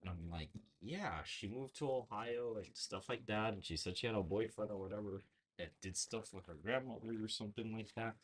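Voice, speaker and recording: A man's voice: fairly low pitch, normal speed, a little hiss or hum. A man hosting a political livestream, talking casually and rambling through a story with frequent restarts. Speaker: political show host. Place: bedroom.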